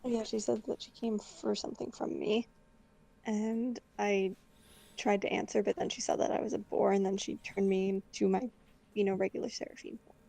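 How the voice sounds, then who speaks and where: A woman's voice: medium pitch, level tone, moderate pace, creaky, dark tone. A woman playing a tabletop game, chattily recounting her character's dream. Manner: chatty, lots of "I'm like" quoting. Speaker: player.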